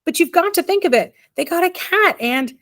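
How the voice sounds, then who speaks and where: A woman's voice: extremely high pitch, lively intonation, moderate pace, pitched above the performer's own voice. A woman voicing a fretful little mother. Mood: urgent. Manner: worried, pleading questions. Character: small fretful mother, anxious and tearful. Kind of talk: audiobook character reading.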